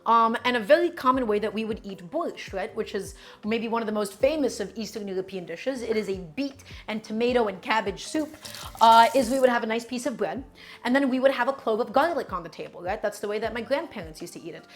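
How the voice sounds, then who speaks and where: A woman's voice: a little high, brisk, faint music behind. A woman hosting a cooking stream, chatting casually and playfully to her viewers as she cooks. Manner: chatty and playful, often says "my friends".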